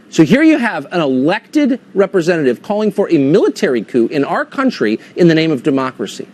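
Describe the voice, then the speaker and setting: A man's voice: a little high, big pitch swings, a little fast, hardly any pauses, darkish tone. A man hosting a cable news interview segment, asking pointed, skeptical questions. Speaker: host.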